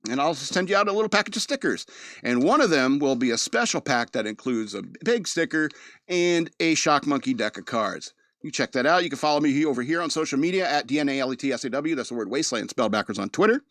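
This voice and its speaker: A man's voice: a little high, expressive, fast talker, a bit bright, no room sound, studio quality. A man hosting a podcast, telling a story in a casual, rambling way, often laughing at it as he goes. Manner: rambling, laughs at his own story, frequent restarts. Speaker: podcast host.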